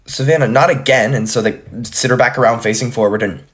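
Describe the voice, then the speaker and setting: A man's voice: mid-range voice, fairly quick. A man telling a funny anecdote in an easygoing, amused way. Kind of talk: casual anecdote.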